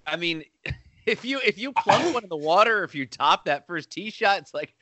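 A man's voice: sits high, lively intonation, moderate pace, pushed and bright, dry recording. A man co-hosting a casual chat in an easygoing way, leaning on "like" and "man". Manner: easygoing, says "like" and "man" a lot. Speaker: podcast co-host.

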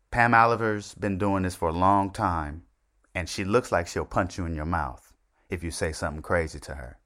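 Middle-aged guy, real low voice, just rambling along on his own show, catching himself and going off on tangents. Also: a bit bright. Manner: rambling, conversational, with asides and self-corrections. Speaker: podcast host. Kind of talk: casual solo commentary.

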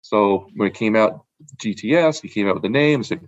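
A man's voice: lowish voice, animated, fairly quick, no echo, dull audio. A man in casual chat, rambling about wine with repeated words and frequent laughs. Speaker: podcast guest, wine collector.

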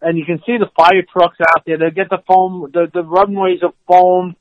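Older male guest and storyteller, animated, acts out the quotes, dull and dry audio. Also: sits high, moderate pace, dry recording. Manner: excitable, acts out quotes, laughs mid-story. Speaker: former football player, guest.

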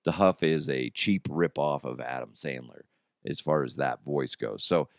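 A man's voice: rumbling low, moderate pace, creaky, no room sound, studio quality. A man hosting a podcast in casual, rambling chat, mocking himself and laughing often. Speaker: podcast host.

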